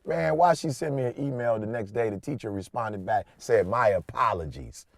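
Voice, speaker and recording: Animated storytelling man, dry sound. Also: medium pitch, moderate pace, creaky, dry recording. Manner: animated, swings between hushed and loud. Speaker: podcast host. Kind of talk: casual storytelling chat.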